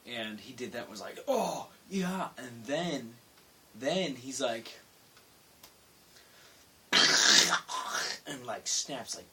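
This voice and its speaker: A man's voice: medium pitch, expressive, a little slow, far from the mic. A young man vlogging late at night, telling a work story in a rambling, self-interrupting way. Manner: rambling, self-interrupting, with loud acted-out quotes. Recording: faint hiss, voice a bit off-mic.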